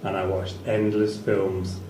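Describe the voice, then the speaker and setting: A man's voice: low-pitched, completely flat delivery, measured pace, dark tone. A man doing a stand-up set in a small comedy venue, rambling in a dry tone with fillers. His voice rings through an echoey room and is picked up from a distance. Faint ambient noise sits underneath.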